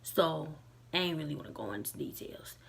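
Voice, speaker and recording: A woman's voice: low-pitched, animated, a little fast, gravelly, fairly bright tone, slightly rough. A young woman talking casually to her camera, loose and candid, with many likes and restarts. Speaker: vlogger.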